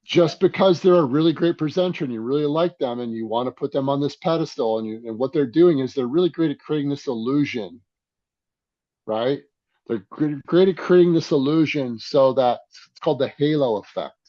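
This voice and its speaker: A man coaching self-defense talks as a podcast guest. He lectures emphatically at a mid pitch and repeats lines to stress them. The sound is dry and close, with a slightly dull, lo-fi tone. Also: a little fast, warm tone, no echo. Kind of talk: casual podcast conversation.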